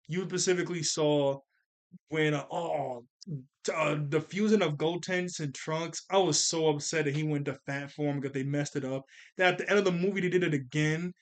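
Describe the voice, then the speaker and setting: A man talks casually about an anime movie. He rambles along in slangy speech and laughs often between his thoughts. His voice sits a little high for a man. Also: fairly bright tone. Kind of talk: casual chat.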